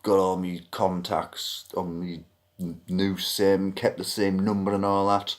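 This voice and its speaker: A man's voice: deep voice, monotone, a little slow. A man with a British accent ranting bluntly to camera, griping and swearing freely. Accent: British English. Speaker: vlogger. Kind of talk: ranting monologue.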